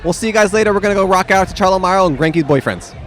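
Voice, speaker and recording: A man's voice: sits high, rapid-fire, a bit bright. Joking man co-hosting outdoors. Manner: jokey, banters and riffs. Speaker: podcast co-host. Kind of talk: casual outdoor chat. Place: outdoors at a music festival. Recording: outdoor noise in the background.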